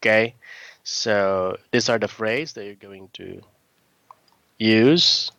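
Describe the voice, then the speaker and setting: A man tutors a student in English at a slow, steady pace, his voice sitting a little low. He corrects words patiently and clears his throat now and then, and the sound is dry and close. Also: no room sound. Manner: often clears his throat and says okay. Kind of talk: one-on-one online English lesson.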